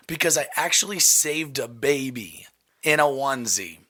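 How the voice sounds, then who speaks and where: A young man hosting a podcast, telling a story in a casual, animated way, swearing and laughing often. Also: medium pitch, moderate pace. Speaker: podcast host.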